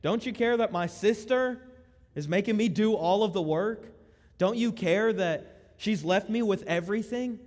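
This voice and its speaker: A put-upon woman whines and pleads in a strained, raised voice, as a preacher acts her out. The voice rises well above his usual pitch. Long reverb trails each line through the hall. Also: measured pace, a little mellow. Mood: complaining. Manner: whiny, pleading. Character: exasperated busy woman complaining about her sister.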